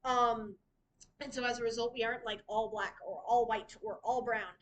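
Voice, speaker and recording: A woman with a high voice leads a library writing workshop. She talks casually and chattily, laughing often as she explains. Her tone stays light and informal. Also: fairly even intonation, normal speed, highs cut off. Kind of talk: casual teaching talk. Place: library meeting room.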